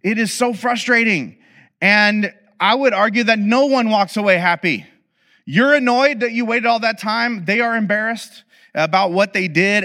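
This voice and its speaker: A man speaks to an audience in a relaxed storytelling way, sliding into funny asides. His voice sits a little high and sounds bright and forward. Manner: animated, acts out quoted dialogue; humorous, confiding asides. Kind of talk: conversational storytelling talk.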